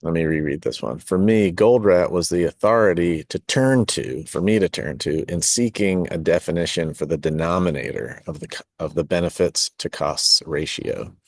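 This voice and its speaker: A middle-aged man with a notably deep, low voice reads his own reflective essay, breaking off now and then for asides and small corrections. The recording is close and dry, with no room sound. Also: moderate pace, creaky, few pauses, breathy edge, dry recording. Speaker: podcast host and design course teacher.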